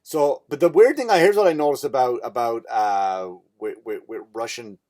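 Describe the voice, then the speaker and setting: A man's voice: medium pitch, moderate pace, a little mellow. Irish male comedian, podcast host, rambling profane storyteller. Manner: rambling, profane, self-interrupting.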